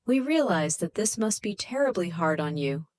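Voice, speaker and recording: A woman voicing a soft-spoken, formal and apologetic male diplomat on the phone. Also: lowish voice, very animated, normal speed.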